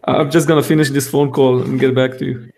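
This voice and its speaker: A man's voice: medium pitch, flat delivery, a little fast, vocal fry, a little mellow. A man with a non-Canadian accent calling into a video chat, polite and apologetic. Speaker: caller. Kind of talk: casual chat.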